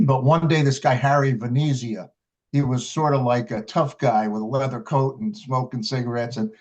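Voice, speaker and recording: An older blues harmonica player with a medium-pitched, slightly mellow voice speaks at a normal pace in a casual interview about his early years. He wanders through his stories with frequent restarts and filler words, and the recording is dull and lo-fi.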